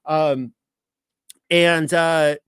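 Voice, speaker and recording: A man's voice: fairly high pitch, steady tone, extremely slow, a bit bright, clear, resonant tone, dry recording. A man teaching the Bible in a casual, rambling way, with many restarts and fillers. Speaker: ministry teacher.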